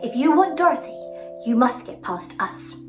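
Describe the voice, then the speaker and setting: A woman's voice: a little high, sing-song, normal speed. A woman voicing a loyal male tin man who speaks firmly and defiantly. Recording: roomy, distant, music behind.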